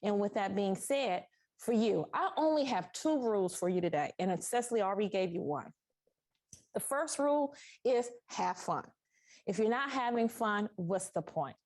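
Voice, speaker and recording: Woman sewing instructor, warm-up talk to a live class, animated, congested, echoey studio. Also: medium pitch, moderate pace. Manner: emotional, animated, thankful. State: sinus congestion. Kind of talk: welcoming a live class before a tutorial. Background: construction noise next door.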